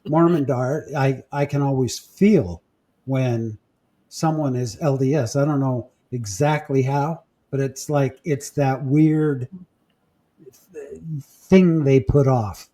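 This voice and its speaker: A man podcast host in casual chat, telling stories with halting restarts and fillers. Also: mid-range voice, mellow. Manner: storytelling, halting with repeats and fillers.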